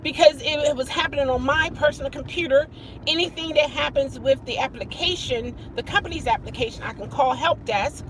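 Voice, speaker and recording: A woman's voice: brisk, background noise. A middle-aged woman chatting casually on a live stream, greeting viewers by name as she tells her story. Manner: expressive, jumps high when emphasizing.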